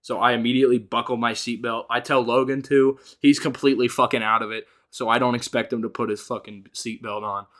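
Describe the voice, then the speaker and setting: A man's voice: mid-range voice, flat delivery, a little fast, few pauses, fairly bright tone. A young man telling a wild personal story in a loose, rambling way, swearing often and filling with "like". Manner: rambling, profane, fillers like "like". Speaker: vlogger. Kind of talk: casual storytelling.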